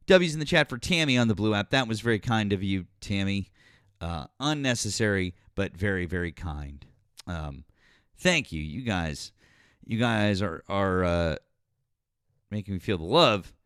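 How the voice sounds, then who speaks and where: Smooth-voiced livestream host, profane when riled. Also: male voice, lowish voice, no room sound, clean studio sound. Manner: grateful shout-outs, blunt and profane when arguing. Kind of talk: casual livestream chat.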